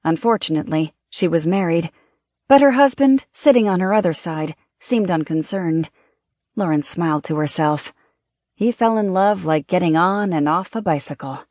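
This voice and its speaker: An audiobook narrator reading a novel in a steady, measured way. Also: medium pitch, no room sound, clean studio sound.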